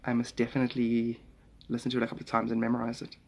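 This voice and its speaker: A man's voice: mid-range voice, monotone, rapid-fire, gravelly, darkish tone. A man chatting casually on a phone live stream, rambling, chuckling and answering viewers' comments, with playful attempts at German phrases.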